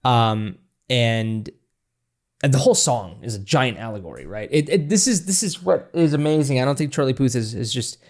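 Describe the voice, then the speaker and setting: A man's voice: medium pitch, lively intonation, moderate pace, a little mellow. A man hosting a music reaction channel, analyzing a song in casual, enthusiastic, rambling talk with frequent restarts. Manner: enthusiastic, rambling with restarts, breaks into scatting and laughter.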